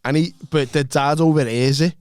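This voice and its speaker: A man's voice: a little high, fairly even intonation, moderate pace, darkish tone, clean tone, no echo. A young adult man telling a story in casual podcast chat, laughing at himself as he goes. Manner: laughing, self-mocking storyteller. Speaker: podcast co-host.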